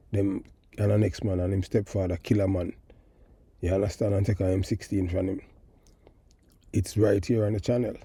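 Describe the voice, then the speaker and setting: A man's voice: fairly low pitch, dark tone, husky, no room sound. A middle-aged man with a Jamaican accent hosting a call-in show, giving emphatic, rambling political commentary and moving between patois and standard English. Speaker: host of a call-in talk show.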